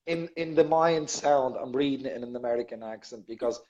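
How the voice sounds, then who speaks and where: A man's voice: mid-range voice, fairly quick, mellow, dull audio. A man hosting a casual online chat show, effusive and jokey, laughing a lot with his guest. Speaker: show host.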